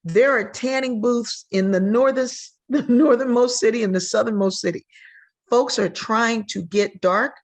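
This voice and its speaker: A woman's voice: on the high side, unhurried. An older woman, a sociologist guest on a podcast, telling stories with energy and acting out the voices she quotes. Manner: animated, acts out quoted voices. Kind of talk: storytelling in a podcast interview.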